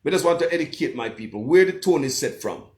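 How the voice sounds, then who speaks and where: A man's voice: a little high, lively intonation, quick pace. A man with a Jamaican accent, a blogger hosting a livestream, talking with passion and calling out to his viewers. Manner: impassioned, keeps calling out to viewers as people. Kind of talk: livestream commentary with a phone-in guest.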